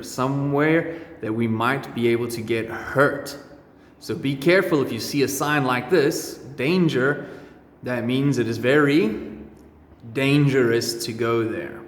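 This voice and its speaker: A man teaching English words to children, slowly repeating each one with exaggerated pronunciation in a classroom. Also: medium pitch. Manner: drawn-out, exaggerated word drills. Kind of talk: slow repeat-after-me pronunciation lesson for children. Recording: echoey room with long reverb.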